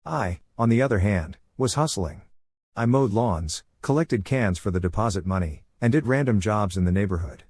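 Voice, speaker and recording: A man giving a steady, scripted narration of a story. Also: lowish voice, normal speed, slightly rough, no echo, studio quality.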